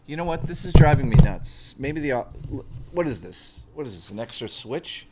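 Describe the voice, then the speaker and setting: A man's voice: medium pitch, big pitch swings, normal speed, very noisy. A man hosting a casual livestream, chatting and joking with frequent swearing while he builds a model, talking into a desk microphone. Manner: joking, profane and rambling. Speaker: livestream host.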